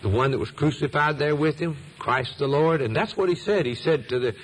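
A man's voice: on the high side, fairly quick, slightly rough, low-quality recording. Man preaching with emphatic repetition. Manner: preaching with a swelling, emphatic cadence and repeated phrases. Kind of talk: sermon.

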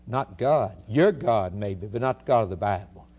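A male radio preacher delivering an emphatic sermon, firing rhetorical questions and swinging between loud declarations and hushed lines. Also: on the low side, expressive, a little slow.

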